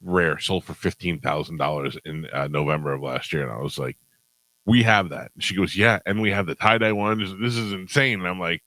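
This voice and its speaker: Deep-voiced male radio host. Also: a little fast, few pauses, sharp tone, dry recording, poor audio. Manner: storytelling, amused, laughs often. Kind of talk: casual radio chat.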